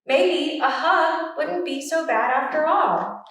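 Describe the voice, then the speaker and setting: A woman librarian leading a children's story time, animated and coaxing, in a library. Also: sits high, slow. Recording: echoey room, mic far off.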